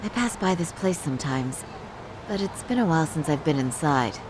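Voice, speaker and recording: A poised young undercover hostess. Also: female voice, sits low, animated, background noise. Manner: poised, measured, lightly wry. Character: composed young woman going undercover as a hostess.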